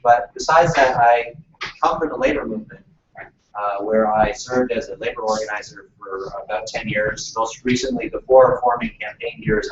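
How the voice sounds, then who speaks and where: A man running a workshop, talking casually with lots of fillers and restarts. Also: medium pitch. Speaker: workshop facilitator. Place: meeting room. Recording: echoey room from far off, muffled, noisy.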